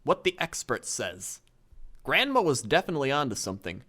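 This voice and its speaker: A man's voice: mid-range voice, big pitch swings, brisk, sharp tone. A man co-hosting a comedy podcast, reading quirky news items and tips aloud as the straight man. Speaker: podcast co-host. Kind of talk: casual comedic banter, reading articles aloud.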